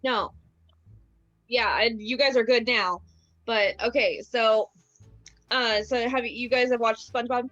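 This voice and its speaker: A woman's voice: a little high, steady tone, unhurried, long pauses, fairly bright tone, dry recording. A young woman co-hosting a casual video-call chat, telling a story in a rambling, hesitant way. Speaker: co-host. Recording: dull, dry call audio.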